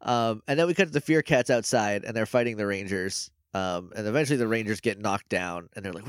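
A man's voice: on the low side, fairly quick, hardly any pauses, clean tone, no echo, studio quality. A man co-hosting a podcast, casually recapping a show episode with laughs and quoted voices. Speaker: podcast co-host.

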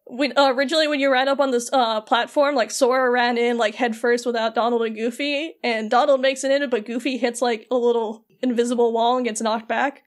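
A woman co-hosting a podcast, retelling a video game's story in casual chat, animated and quoting characters in playful voices. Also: fairly high pitch, a little fast, hardly any pauses. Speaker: podcast co-host.

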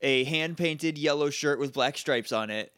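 A man co-hosting a podcast, chiming in with quick, jokey asides during casual chat. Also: fairly high pitch, fairly bright tone, smooth, no room sound, studio quality. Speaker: podcast co-host.

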